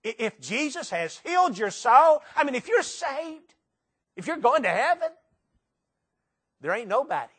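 A man with a Tennessee accent preaching a sermon to a church congregation, animated and full of rhetorical questions. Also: extremely high pitch, unhurried, long pauses, slightly rough.

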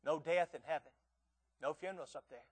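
A man in his sixties delivers a sermon in a high voice, pleading earnestly with the congregation. He often stammers and doubles his words as he presses his point. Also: brisk, slightly rough. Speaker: visiting preacher.

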